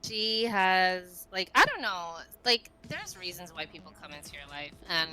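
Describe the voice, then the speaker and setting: A woman in her thirties, a podcast guest telling stories in a rambling, animated way full of fillers. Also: fairly low pitch, measured pace, music in the background, low-quality recording. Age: 30s. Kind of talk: casual podcast chat.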